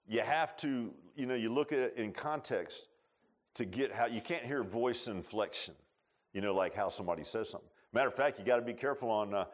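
A man preaching a sermon in a folksy way, rising to loud pleading and dropping to low asides. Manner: acts out quotes with drawn-out voices.

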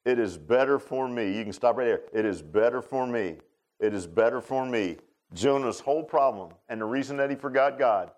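A man preaching a sermon, folksy and animated, swinging from loud emphatic lines to low quiet ones.

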